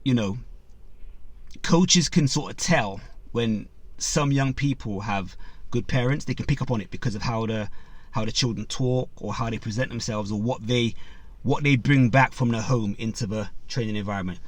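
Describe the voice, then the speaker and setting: A man's voice: mid-range voice, moderate pace, dry recording. A man hosting a boxing channel, casually retelling a story with lots of fillers, briefly acting out the people in it and turning to talk to his viewers. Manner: retells a story with many fillers, acts out quotes, addresses viewers.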